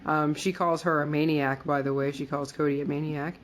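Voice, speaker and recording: Casual woman co-host lower register, chatty and playful. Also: level tone, a little fast, slight background noise. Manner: chatty, lots of fillers, quotes characters in playful voices. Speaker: podcast co-host. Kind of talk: casual recap chat.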